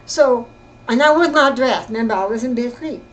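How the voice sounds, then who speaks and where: An older woman telling her own story in casual, rambling speech, often halting and repeating herself. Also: on the high side, slight background noise, low-quality recording. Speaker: interviewee recounting her life. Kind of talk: casual spoken reminiscence.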